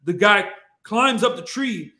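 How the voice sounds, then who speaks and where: Man, podcast guest, high voice, excitable storyteller, swears a lot, echoey room. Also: a little slow. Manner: excitable, swears freely, repeats himself. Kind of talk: casual storytelling. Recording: roomy echo.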